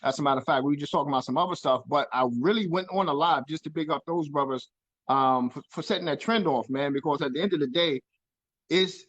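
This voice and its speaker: A man, a guest chatting casually on a video call, relaxed and full of "you know what I'm saying.". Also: fairly high pitch, quick pace, no echo, rough recording. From New York. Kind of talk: casual chat.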